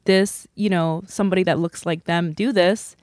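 A woman's voice: on the low side, steady tone, moderate pace, a little mellow, no room sound, clean studio sound. A woman hosting a podcast, talking earnestly and gushing, with a lot of "like" between words. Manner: earnest, gushing, heavy use of like. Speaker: podcast host. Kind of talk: casual podcast chat.

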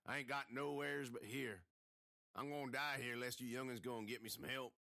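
A man voicing an injured grown drifter with a thick, rough voice and a gruff rural drawl. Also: medium pitch, steady tone, a little fast, pushed and bright, no echo, clean studio sound.

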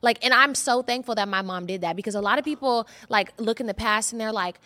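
A woman in her thirties with a Bay Area accent, co-hosting a podcast and telling stories in a blunt, profane, animated way. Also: on the high side, fast talker, dry recording. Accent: Bay Area Californian. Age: 30s. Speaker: podcast co-host. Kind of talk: casual chat.

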